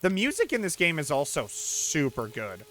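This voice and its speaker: A man hosting a let's play, commenting casually and getting excitable, swearing and shouting when things go wrong. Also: on the high side, moderate pace, soft background music. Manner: talks to the player character and the audience.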